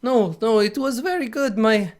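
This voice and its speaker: A tearful little halfling father stutters out his words, pitched a step above the man voicing him, who is the game master's normal speech. He sounds nervous and unsure in a tabletop role-play. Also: lively intonation. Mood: anxious. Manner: halting, stammering and anxious. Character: grubby, tearful small male halfling father.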